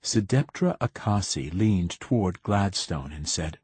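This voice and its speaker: A man narrating a science fiction audiobook in a steady, dramatic storytelling manner. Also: fairly low pitch, unhurried, husky, no room sound. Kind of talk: scripted narration.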